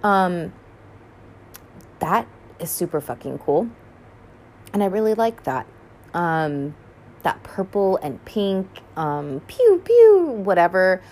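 A young woman chatting casually as she reacts to an animated film, rambling with lots of fillers and frequent swearing, sounding tired. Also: lowish voice, slow pace, pauses often. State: tired and yawning. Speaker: first-time viewer reacting to an animated film.

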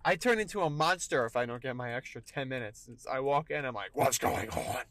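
A man's voice: mid-range voice, animated, fast, fairly bright tone, no echo, low-quality recording. A young man hosting a solo podcast, talking emphatically and tagging "all right" onto his points. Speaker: podcast host.

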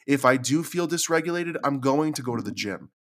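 A man's voice: medium pitch, expressive, brisk, fairly bright tone. Earnest man on a solo podcast. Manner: earnest, confiding, repeats words when emotional. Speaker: podcast host. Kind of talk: reflective solo podcast talk.

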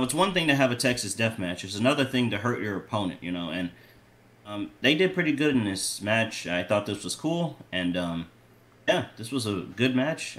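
Lower-pitched man giving casual match ratings. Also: fairly bright tone. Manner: rambling with fillers, giving ratings. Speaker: podcast co-host.

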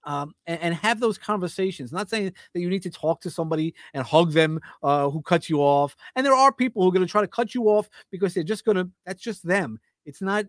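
A man's voice: high voice, brisk, hardly any pauses, no echo, studio quality. A man from Brooklyn, chatting casually and telling stories, acting out other people's lines. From Brooklyn, New York. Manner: animated storyteller acting out quotes, many restarts. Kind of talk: casual podcast conversation.

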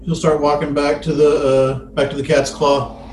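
A man's voice: fairly high pitch, flat delivery, normal speed, background noise. A man playing a character in a tabletop game, casual and easygoing. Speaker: player.

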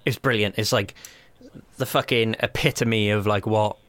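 A man co-hosting a gaming podcast, telling stories in an animated, chatty way. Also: on the low side, no room sound. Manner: animated storyteller, quick asides. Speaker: podcast co-host. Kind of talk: casual chat.

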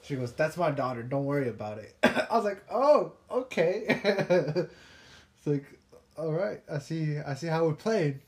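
A man's voice: on the high side, a little fast, few pauses. Laid-back young man telling stories. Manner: laid-back, profane, laughing storyteller. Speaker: podcast co-host. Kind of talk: casual storytelling chat.

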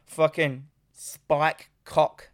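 A man's voice: fairly high pitch, little pitch movement, extremely slow. A man, casually recapping a film as a podcast co-host, sweary and rambling. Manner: sweary, rambling, laughs often.

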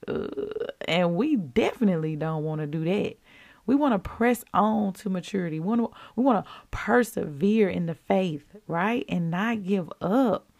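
A woman hosting a daily devotional podcast, teaching in a lively, chatty way and calling listeners y'all. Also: medium pitch, creaky. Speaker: podcast host.

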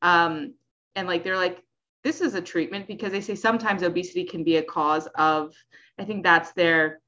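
Woman co-host, informative explainer, mid pitch, slightly dull audio. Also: fairly even intonation, moderate pace, sharp tone. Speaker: co-host sharing research. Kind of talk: casual podcast chat.

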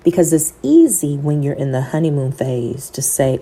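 A woman's voice: low voice, lively intonation, normal speed, few pauses, mellow, husky. A woman podcast host telling an emotional, faith-filled personal story, talking to listeners as y'all and quoting scripture in a sermon cadence.

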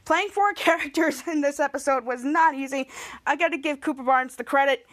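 A woman's voice: high-pitched, a little fast, a bit bright. A woman hosting a podcast, recapping a TV episode in a chatty, upbeat way and acting out the characters' lines as she retells them. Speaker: podcast host.

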